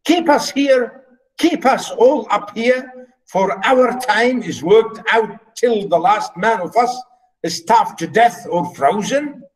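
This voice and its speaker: A man's voice: fairly high pitch, lively intonation, measured pace, darkish tone, reverberant, recorded from a distance, poor audio. A man with Arabic as his first language reading aloud the lines of an angry, weary male ship's steward, raising his voice in complaint.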